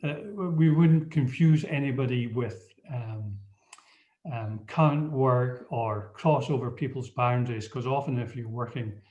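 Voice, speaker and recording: A man's voice: medium pitch, unhurried, a little mellow. Man with a slight Scottish accent. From Scotland. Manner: hesitant, many ums and restarts. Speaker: webinar presenter. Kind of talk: presenting a webinar. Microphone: computer mic on a video call. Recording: muffled video call audio.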